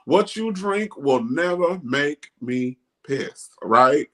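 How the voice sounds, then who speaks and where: A man's voice: on the high side, slow pace. A middle-aged man hosting a casual talk show, speaking emphatically and animatedly. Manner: animated, emphatic, quotes others in mocking voices. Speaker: host. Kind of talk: casual discussion.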